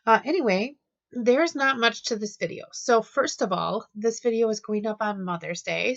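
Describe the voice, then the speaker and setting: A woman's voice: mid-range voice, fairly bright tone. Chatty woman crafting voice-over, slightly dull audio. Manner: chatty and enthusiastic, with fillers and restarts. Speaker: card-making channel host. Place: home craft room.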